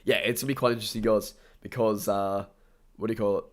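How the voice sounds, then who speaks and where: A man's voice: lowish voice, fairly even intonation, quick pace. A young Australian man with a stuffy nose, rambling casually on a live stream and thanking his viewers. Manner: rambling, chatty, upbeat, thanks viewers often.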